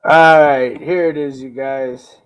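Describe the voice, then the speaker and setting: A man's voice: medium pitch, fairly even intonation, takes it slowly, clear, resonant tone, rough recording. A young man hosting a livestream, rambling through a story in casual slang and chatting to viewers. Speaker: livestream host.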